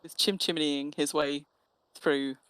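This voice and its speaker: A woman's voice: low voice, fairly even intonation, slow, fairly bright tone, smooth, no room sound. A woman chatting casually and teasingly while streaming an online game. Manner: chatty, teasing, restarts phrases. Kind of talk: casual gaming chat.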